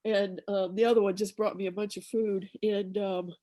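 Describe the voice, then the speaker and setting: A woman's voice: mid-range voice, level tone, moderate pace, warm tone. Wry, exasperated woman on a video call. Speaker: participant. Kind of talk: casual group chat.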